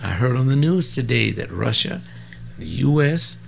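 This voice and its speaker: A man's voice: mid-range voice, big pitch swings, normal speed, vocal fry, a little hiss or hum. A man in his seventies preaching in an informal, rambling way, fervent, with folksy asides and sudden bursts of emphasis. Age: 70s.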